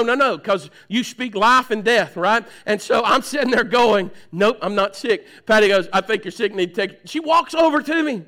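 A man, preaching a sermon and acting out his own stories. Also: high voice. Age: 40s. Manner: animated storytelling, acts out his own dialogue. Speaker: pastor.

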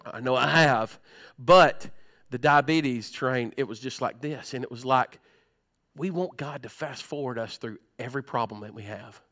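A middle-aged man, preaching a sermon in a church with animated, folksy storytelling and humor. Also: medium pitch, moderate pace. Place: church sanctuary.

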